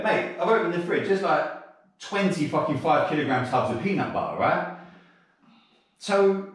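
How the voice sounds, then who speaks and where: A man's voice: a little high, moderate pace. Sweary South London man, echoey room. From South London, England. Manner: sweary, animated anecdote-telling with bursts of laughter. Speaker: podcast guest. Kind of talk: casual storytelling interview. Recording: very echoey room, mic at a distance.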